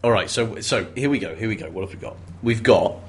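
Husky low-voiced man, wry and joking. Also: animated, fast. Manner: wry, joking, playful sarcasm. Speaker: podcast co-host. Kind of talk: casual chat about a mystery novel.

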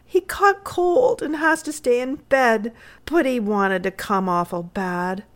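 An earnest, hopeful young boy, as a woman reader puts him on, pitched clearly above her usual voice. He speaks with eager sincerity and keeps trying to please. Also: slow pace. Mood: anxious.

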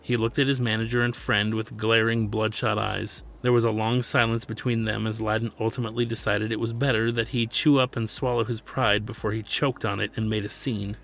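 A man's voice: fairly low pitch, level tone, fairly quick, creaky, hardly any pauses, a bit bright, a little hiss or hum. A man narrating his own science fiction serial as an audiobook, reading steadily.

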